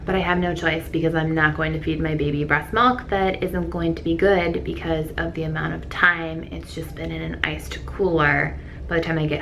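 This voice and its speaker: Candid woman vlogging, gravelly low voice. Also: a bit bright, rough recording. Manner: chatty and candid, with frequent "like". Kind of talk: candid vlog talk. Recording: clear background noise.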